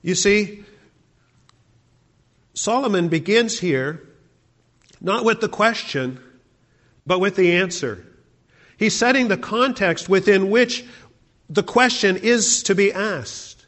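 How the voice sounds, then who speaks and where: A man's voice: high voice, animated, slow pace, pauses often, a bit bright. A male pastor preaching a sermon, asking the congregation rhetorical questions.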